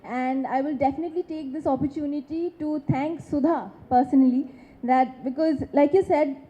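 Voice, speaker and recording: High, dark-toned actress from West Bengal, effusive and emphatic, lo-fi recording. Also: female voice, steady tone, normal speed. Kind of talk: speech of thanks at a film launch. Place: film launch event stage. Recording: dull lo-fi sound.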